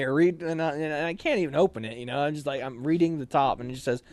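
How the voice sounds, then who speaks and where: A man's voice: on the high side, quick pace, hardly any pauses, dry recording. A young man casually telling a story from his army training, acting out the voices of others as he goes. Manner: animated, acts out quoted voices. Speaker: officer candidate interviewee.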